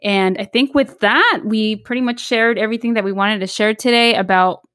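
A calm woman co-hosting a podcast wraps up the episode in casual chat. Her voice is a little high at a normal speed, with clean studio sound and no room sound.

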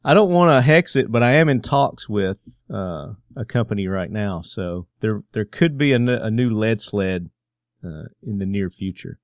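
A man's voice: on the low side, animated, moderate pace, no room sound, clean studio sound. Southern-drawled man hosting a podcast. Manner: joking, rambling with many fillers. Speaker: podcast host. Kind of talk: casual podcast chat.

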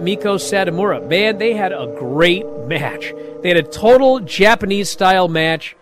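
A man hosting a show, recapping wrestling in a casual, animated way and acting out the quoted lines. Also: fairly high pitch.

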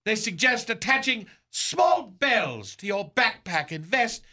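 A man putting on a vain, theatrical old movie star who talks in a very high, very bright and piercing voice. He is grandiose and often breaks into laughter at his own jokes, in the manner of a morning radio comedy sketch. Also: very animated, slow, heavily acted. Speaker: recurring comedy character.

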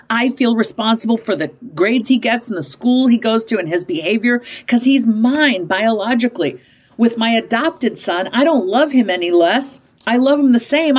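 A woman in her fifties telling parenting stories in an interview, emphatic and animated, often switching into higher voices to act out quoted parents and kids. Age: 50s. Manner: emphatic, punctuates points with "okay?". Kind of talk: conversational storytelling in an interview.

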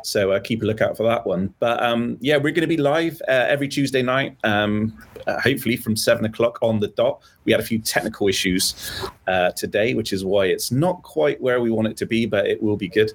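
A man's voice: on the low side, brisk. A man hosting a chat show, talking with many ums and uhs as he goes. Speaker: host. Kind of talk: casual chat.

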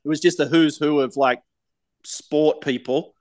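An Australian man in his forties with a fairly high voice tells stories as a podcast guest. He laughs often and swears freely, in a loose, candid way. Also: fairly even intonation, unhurried, darkish tone. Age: 40s. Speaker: guest, golf pro. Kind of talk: casual podcast storytelling.

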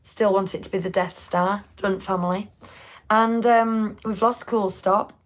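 A woman's voice: mid-range voice, fairly even intonation, measured pace. Woman, podcast co-host, rambling chatty delivery, casual live chat.

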